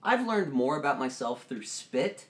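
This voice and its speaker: A man hosting a podcast, chatting casually and joking, with sudden loud bursts of laughter and excitement. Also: medium pitch, a little slow. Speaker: podcast host. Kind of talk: casual chat.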